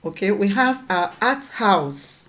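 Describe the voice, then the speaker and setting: A woman's voice: mid-range voice, expressive, takes it slowly, a bit bright, a little hiss or hum. A woman teaching a lesson, patiently repeating points and checking that her students follow. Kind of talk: classroom lesson.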